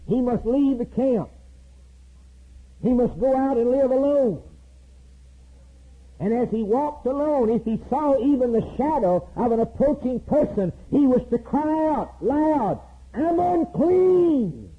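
A man preaching a sermon with a raspy voice, rising to loud high climaxes and slowing down for emphatic repeated lines. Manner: preaching with sudden loud high climbs and slow emphatic repetitions. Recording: tinny lo-fi recording.

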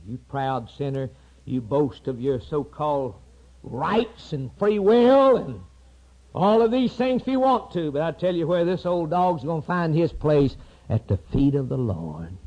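A man preaching an impassioned sermon, rising to high cries and dropping to hushed, low tones. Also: dull audio.

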